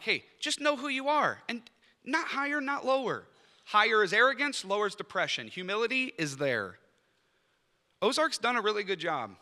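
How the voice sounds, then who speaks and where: Man, professor type, casual funny presentation at a lunch, sharp forceful tone, echoing hall. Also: sits high. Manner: conversational and humorous, acts out quoted people. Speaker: professor leading a master's program. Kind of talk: informal presentation at a lunch event. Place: indoor event room at a lunch. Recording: reverberant hall sound.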